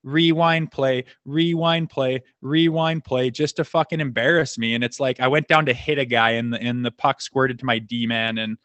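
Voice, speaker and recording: A man, a former hockey enforcer, telling profane, animated stories on a podcast, acting out what others said. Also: medium pitch, a little fast, hardly any pauses, no room sound. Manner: profane, animated anecdotes acting out quoted dialogue. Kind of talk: casual storytelling chat.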